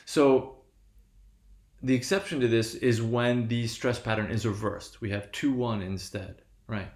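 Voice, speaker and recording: A man's voice: medium pitch, a little slow, a little mellow, reverberant. A male lecturer teaching a lesson, explaining step by step with frequent "right?" checks and self-corrections. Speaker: linguistics lecturer. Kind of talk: classroom lecture on stress patterns.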